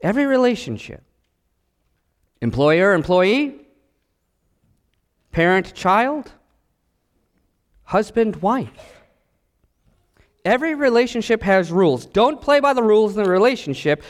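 A male pastor delivers a sermon in a high, highly lively voice, swooping up and down as he acts out quoted voices. His words ring out with a long church-hall reverb. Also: slow, pauses often.

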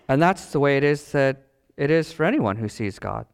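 A middle-aged male pastor preaching a sermon dramatically, with long pauses and big swings in pitch. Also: lively intonation, creaky, smooth.

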